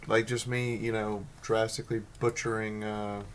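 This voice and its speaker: A man hosting a loose stream conversation with friends, excitable and quick to swear. His voice sits on the low side, and a faint hiss of background noise runs under it. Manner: excitable, swearing, bursts of loud outcry. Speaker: host. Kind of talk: casual group chat on stream.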